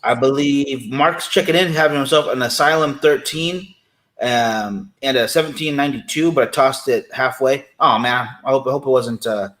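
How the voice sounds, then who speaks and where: A man's voice: mid-range voice, moderate pace, fairly bright tone, low-quality recording. Easygoing enthusiastic male co-host. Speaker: podcast co-host. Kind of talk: casual podcast chat.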